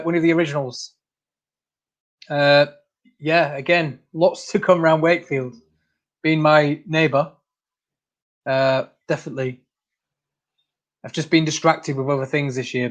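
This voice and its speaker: A man's voice: fairly high pitch, fairly even intonation, moderate pace, long pauses, dull audio. A man hosting a casual livestream, reading out viewer comments, laughing often and calling people mate. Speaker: channel host.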